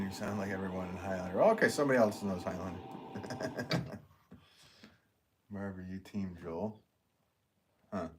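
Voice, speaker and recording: A man's voice: sits low, a little mellow, slight background noise. A man hosting a pottery livestream, chatting casually and reading viewer comments aloud in a laid-back way, chuckling often. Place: pottery studio, indoors.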